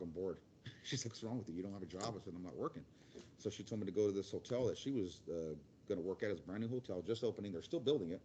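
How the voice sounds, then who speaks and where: A man's voice: deep voice, warm tone, dull audio, slight background noise. A middle-aged man giving a casual career talk as a guest speaker, rambling and acting out quotes in other voices.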